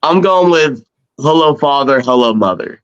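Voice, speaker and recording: Man, lively pitch, incredulous, swearing, dull lo-fi sound. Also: moderate pace, smooth. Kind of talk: casual group podcast chat. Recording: dull lo-fi audio.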